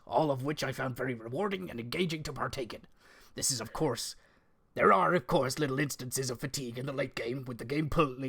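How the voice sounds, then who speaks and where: A man's voice: mid-range voice, vocal fry, bright, forceful tone, slightly rough, exaggerated voice. A man reading a friend's comic game review script aloud in a put-on West Country accent. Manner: amused, stumbling over mild fake swears. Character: absent male co-host read aloud, mock American-turned-West Country.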